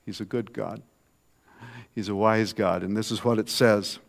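A man preaching a sermon in a conversational way, swinging from soft, low asides to loud, emphatic lines. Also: steady tone, moderate pace, gravelly.

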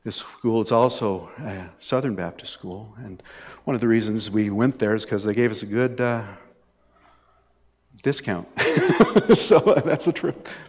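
A man's voice: fairly low pitch, measured pace, darkish tone. A middle-aged man preaching a sermon, telling personal stories with wry, sarcastic asides. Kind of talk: sermon storytelling. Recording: dull sound with long hall reverb.

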